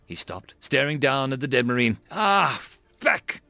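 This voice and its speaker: A man narrating an audiobook in an expressive voice, voicing many characters. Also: medium pitch, a little fast, dry recording.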